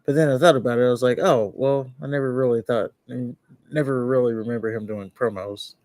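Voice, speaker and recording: A man's voice: medium pitch, fairly even intonation, fairly quick, darkish tone, dry recording. A man co-hosting a podcast in casual chat, giving short agreeing replies and laughing easily. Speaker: podcast co-host.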